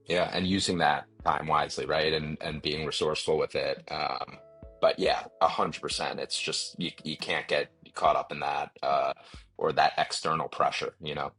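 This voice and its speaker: A low, husky male voice belongs to a podcast guest who talks loosely and circles back on himself. He stacks fillers, repeats words, and restarts his sentences as he goes. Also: fairly even intonation, moderate pace, fairly bright tone, soft background music. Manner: rambling, full of fillers and restarts. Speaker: podcast guest, marketing entrepreneur. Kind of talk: casual interview answers.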